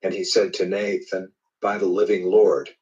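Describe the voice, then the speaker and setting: A man reading a Bible passage aloud in a steady, measured storytelling manner. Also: low-pitched, far from the mic, highs cut off. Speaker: Bible reader. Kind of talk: scripted scripture reading.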